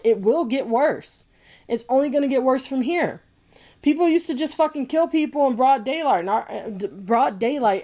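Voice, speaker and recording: A woman's voice: a little high, warm tone. A young woman vlogger delivering an angry opinion rant, talking in a blunt, heated way and swearing freely.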